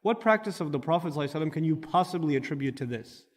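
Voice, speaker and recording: A man's voice: on the high side, animated, very fast, long reverb tail. A man giving a Quran commentary lecture, explaining Arabic terms and growing impassioned as he speaks. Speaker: Quran teacher. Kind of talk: tafsir lecture.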